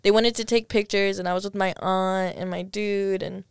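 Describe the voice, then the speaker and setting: Brief: young woman guest, vocal fry over a clean tone, rambly casual stories, dry studio sound. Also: mid-range voice, fairly even intonation, normal speed, dry recording. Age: young adult. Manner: rambling, peppered with "like" and restarts. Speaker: podcast guest. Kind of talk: casual storytelling chat.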